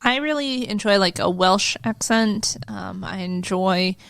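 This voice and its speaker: A woman's voice: medium pitch, unhurried, vocal fry, fairly bright tone, clean tone, no room sound. A woman co-hosting a podcast in casual chat, curious and hesitant, with many fillers and easy laughter. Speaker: podcast co-host.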